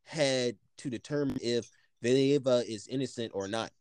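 A man co-hosting a casual podcast, reading a news article aloud in a halting way full of filler words. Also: mid-range voice, darkish tone, clean tone, dry recording.

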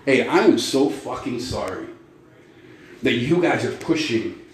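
A man's voice: mid-range voice, expressive, a little slow. A man hosting a podcast, ranting angrily and sarcastically with a lot of swearing. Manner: angry, profane, sarcastic ranting. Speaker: podcast host. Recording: echoey room with faint noise.

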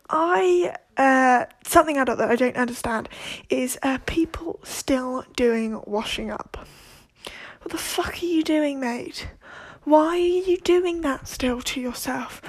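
A young woman hosting a casual monologue, ranting in an exasperated way, swearing and dropping into whispered asides. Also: high-pitched. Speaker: podcast host.

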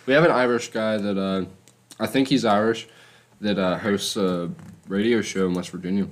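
A man's voice: fairly low pitch, fairly even intonation, normal speed. A young man co-hosting a casual podcast, giving dry, brief answers. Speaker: podcast co-host. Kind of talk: casual crude chat.

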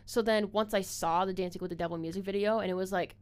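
A woman's voice: mid-range voice, steady tone, fast, smooth. A young woman hosting a casual podcast chat, rambling and full of "like"s, swearing freely. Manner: rambling, filler-heavy with many "like"s, swears freely. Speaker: podcast host.

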